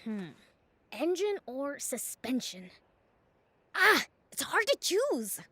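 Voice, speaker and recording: A high, lively young demon prince, asking blunt, curious questions with a bouncing tone. The game voice is dry and close-miked. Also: female voice, takes it slowly, dry recording, full character voice. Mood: friendly. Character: young male demon prince, bike-loving. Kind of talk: video game dialogue.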